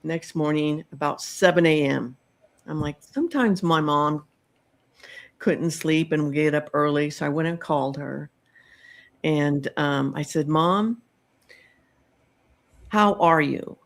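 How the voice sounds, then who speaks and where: A middle-aged woman hosting a podcast, telling a personal story in a slow, reflective way with many pauses and ums. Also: sits low. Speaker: podcast host telling her own story.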